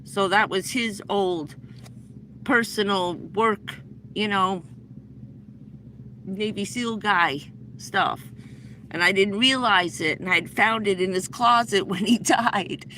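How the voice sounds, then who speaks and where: Bright-voiced middle-aged woman rambling a story. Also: medium pitch, slow pace, pauses often, a little hiss or hum, poor audio. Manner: rambling, breathless anecdote with many restarts. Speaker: livestream host. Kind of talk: casual storytelling on a livestream. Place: inside a vehicle.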